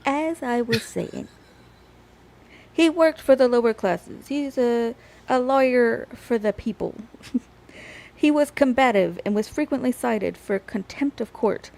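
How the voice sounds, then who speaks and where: Slow, gravelly woman telling history. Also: on the high side, a little mellow, rough recording. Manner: laughs often, trails off mid-story. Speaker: history storyteller on a group show. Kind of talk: casual group chat, telling a history story.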